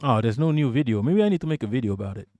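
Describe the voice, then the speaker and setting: A man from Malaysia hosts a casual livestream in an animated, profane manner. His voice sits at a middle pitch. The sound is dry and close, with no room echo. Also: rapid-fire. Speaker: livestream host.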